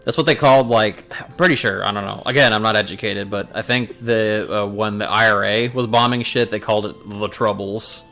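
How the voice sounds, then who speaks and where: A man's voice: lowish voice, fairly even intonation, fairly quick, hardly any pauses, bright, forceful tone, soft background music. A man hosting a casual gaming chat, sarcastic and swearing freely. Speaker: let's play host.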